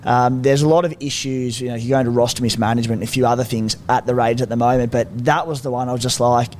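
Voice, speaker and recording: A man's voice: mid-range voice, fairly even intonation, fast talker, a little mellow, slight background noise. A man with an Australian accent, talking sport as a podcast co-host in a laid-back, rambling way. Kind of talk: casual sports chat.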